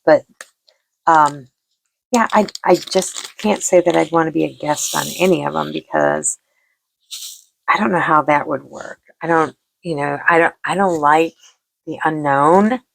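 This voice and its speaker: A woman's voice: low voice, a little slow, vocal fry. A middle-aged woman hosting a vlog, chatting casually while she crafts, rambling and self-deprecating and often repeating herself. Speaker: vlog host.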